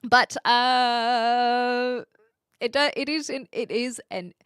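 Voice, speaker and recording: Female streamer, slightly high and bright, loose chatty delivery with laughs. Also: steady tone, slow pace, clear, resonant tone, no echo, clean studio sound. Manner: chatty and rambling, with frequent laughter and hesitations. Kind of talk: casual livestream chat, reading viewer comments aloud.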